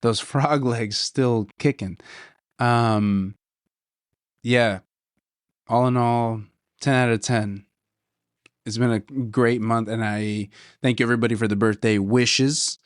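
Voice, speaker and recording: A man's voice: mid-range voice, steady tone, takes it slowly, long pauses, no echo, studio quality. A young man hosting a casual solo podcast, talking enthusiastically and rambling, saying "dude" a lot, his voice a little worn. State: slightly losing his voice. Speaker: podcast host.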